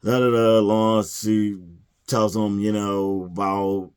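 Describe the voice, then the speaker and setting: A man ranting casually about a movie, exasperated and sighing, often mumbling quick impressions of the characters. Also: fairly low pitch, flat delivery, a little mellow, smooth. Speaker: movie reviewer.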